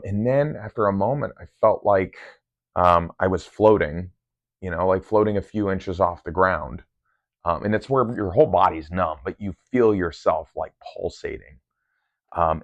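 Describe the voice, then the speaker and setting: In a dull, lo-fi clip with no echo, a low-voiced man who vlogs about meditation loosely describes his own sessions. He keeps saying um and restarting his thoughts.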